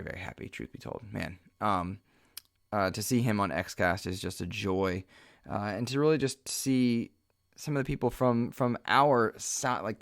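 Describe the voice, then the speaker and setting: A man with a fairly low voice hosts his own podcast alone, speaking in an earnest, heartfelt way and stumbling over fillers and restarts. He sounds slightly emotional. His voice comes through a close mic in a dry, dead room. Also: no room sound. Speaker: podcast host. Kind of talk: solo podcast monologue.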